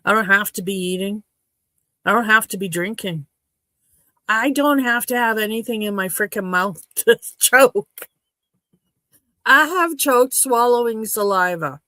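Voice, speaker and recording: A woman from Saskatchewan hosting a casual livestream chat at home, rambling and frank, her throat a little hoarse. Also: mid-range voice, normal speed, sharp tone, dry recording. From Saskatchewan, Canada. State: slightly hoarse throat after choking. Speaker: livestream host. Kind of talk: casual chat to a live audience.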